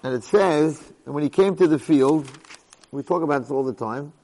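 A man's voice: on the high side, moderate pace, a little mellow, long reverb tail, poor audio. Emphatic middle-aged man giving a Torah class. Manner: emphatic, rhetorical questions, frequent restarts. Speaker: Torah lecturer.

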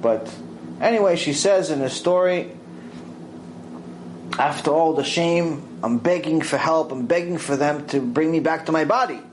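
A man giving a mussar lecture, telling a story with lively acted-out voices. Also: moderate pace, a little hiss or hum, rough recording. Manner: animated storytelling, acts out quoted voices with big pitch swings. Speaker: Torah teacher.

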